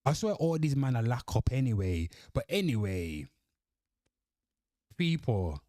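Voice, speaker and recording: A man's voice: mid-range voice, big pitch swings, measured pace, long pauses, dark tone, dry recording, studio quality. A man giving blunt, profane reaction commentary as a host, reading his own comments aloud.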